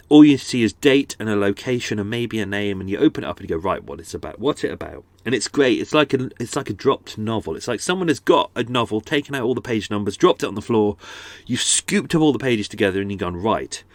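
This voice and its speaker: A man talks in a loose, waffly way, doubling back and restarting his sentences as he goes. His voice sits on the low side and sounds a little stuffed up. He is close on a microphone in a dry, dead space aboard a houseboat. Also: no room sound. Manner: waffly, chatty, self-deprecating, lots of restarts. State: blocked-up nose. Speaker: podcast host. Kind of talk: casual rambling chat. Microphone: close studio microphone.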